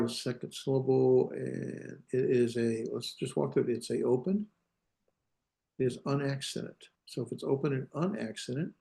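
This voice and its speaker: Gravelly-voiced male Hebrew teacher. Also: medium pitch, mellow. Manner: thinks aloud, hesitant, self-correcting. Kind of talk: classroom lecture.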